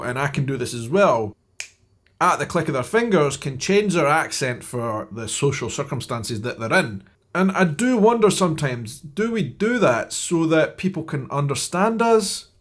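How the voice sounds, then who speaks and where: A man in his thirties from Edinburgh with a Scottish accent, talking casually and thoughtfully to camera with frequent asides. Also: medium pitch. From Scotland. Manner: chatty, reflective, with frequent asides. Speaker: vlogger.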